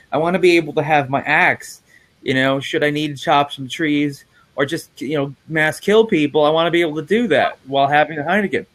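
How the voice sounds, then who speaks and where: Man hosting a livestream, rambling storyteller, somewhat high voice. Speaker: livestream host. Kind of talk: casual chat.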